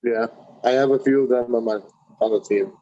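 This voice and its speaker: A man trades casual, profane banter on a podcast and laughs easily. His voice is mellow and warm at a middle pitch, and the recording sounds dull and lo-fi. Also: fairly even intonation, fairly quick. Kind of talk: casual chat. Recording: dull lo-fi audio.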